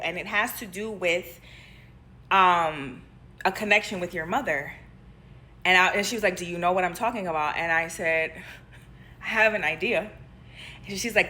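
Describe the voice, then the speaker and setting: A woman's voice: mid-range voice, normal speed, pauses often. A young adult woman, a nurse, casually telling a personal story to her followers, acting out what people said and laughing as she goes. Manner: animated, acts out quotes, laughs while telling.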